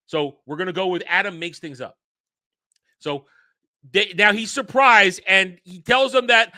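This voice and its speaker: A man's voice: high voice, lively intonation, normal speed, bright, forceful tone, dry recording. A man reviewing a TV episode in casual commentary, ranting with exasperated sarcasm. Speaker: show reviewer.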